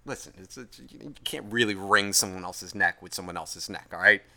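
A man's voice: low-pitched, moderate pace, creaky, sharp tone. Profane, rambling man ranting. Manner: profane, rambling, self-mocking. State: tired after a long day. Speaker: podcast host. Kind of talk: casual ranting monologue.

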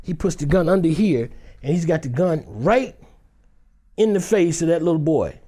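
A man's voice: on the high side, lively intonation, moderate pace, mellow. A man from Detroit who is an actor, vividly telling a dramatic personal story and acting out the scenes. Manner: vivid, dramatic, acts out scenes with shifting voices. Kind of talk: animated storytelling anecdote.

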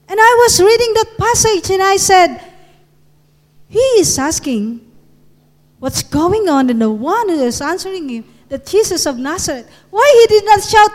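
A woman delivers a sermon with a strikingly high voice and a slow, deliberate pace. She preaches earnestly and with emphasis that builds in force. Her voice rings with the long reverb of a large church hall. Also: expressive.

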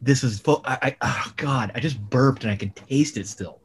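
A man's voice: medium pitch, moderate pace, breathy edge. A man co-hosting a casual chat from home, making wry jokes and swearing now and then. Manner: wry, joking, profane. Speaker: podcast co-host at home.

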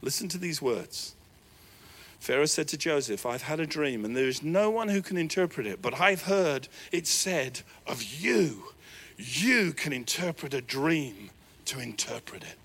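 A man preaching a sermon as pastor, animated, with sudden swings between loud, raised lines and quiet asides. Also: a little high, a little slow, breathy edge.

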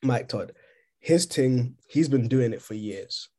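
A man co-hosting a podcast over a remote call, talking casually and haltingly, often repeating words as he thinks. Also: mid-range voice, lively intonation, mellow. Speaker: podcast co-host. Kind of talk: casual discussion.

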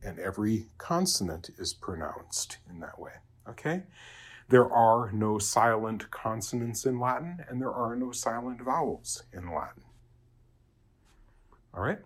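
A man giving an informal spoken Latin lesson, hesitant and full of fillers, slowly sounding out example words and checking in with "okay?". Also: mid-range voice, very animated, breathy edge. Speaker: Latin teacher.

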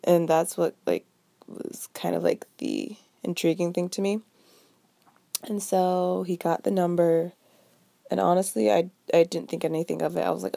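Stuffy, gravelly young woman vlogger. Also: lowish voice, flat delivery, moderate pace, mellow, no echo. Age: 20s. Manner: chatty, lots of "like". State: stuffy, a little sick. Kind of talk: casual storytime vlog.

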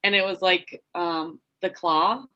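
Casting: young woman from Minnesota, bright voice, chatty guest who laughs often. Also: fairly low pitch, fairly even intonation, slow pace, dull audio. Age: young adult. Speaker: guest hockey player. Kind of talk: casual podcast interview.

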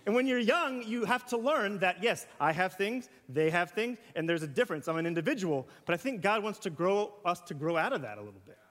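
A man with a notably high voice delivers a sermon in a relaxed, conversational way. He asks the congregation questions and acts out everyday examples. The sound carries a long hall reverb. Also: brisk, few pauses. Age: young adult to middle-aged. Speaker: pastor. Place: church sanctuary.

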